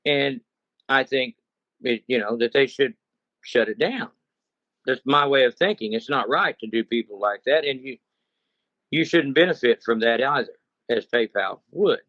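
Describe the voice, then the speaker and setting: The speaker, a man running a cattle ranch, describes being scammed as a consumer in a loose, first-person account, folksy and repetitive. He speaks at a moderate pace in a mid-range voice, pausing often, and the lo-fi recording is dull and dry with no echo.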